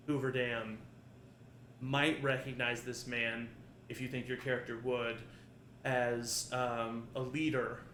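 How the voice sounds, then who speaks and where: A man's voice: medium pitch, a bit bright. Man GM narrating a tabletop game, rambling, echoey room, faint hum. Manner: rambling, filler-heavy narration. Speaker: game master. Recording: roomy echo, faint ambience.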